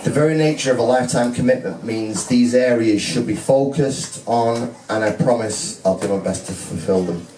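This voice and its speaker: A man's voice: mid-range voice, normal speed, few pauses, warm tone, slight background noise. A man giving a joking, self-mocking groom's speech at a wedding reception. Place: wedding reception hall with guests. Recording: echoey hall, heard from a distance, with a crowd.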